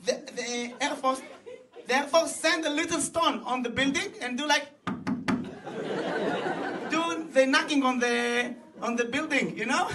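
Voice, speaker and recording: An Israeli man performing stand-up comedy in animated, broken English, laughing at his own jokes, recorded from a stage before a live audience. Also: very high-pitched, measured pace, pauses often, a loud crowd, heavy background noise. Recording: distant stage mic, loud audience laughter.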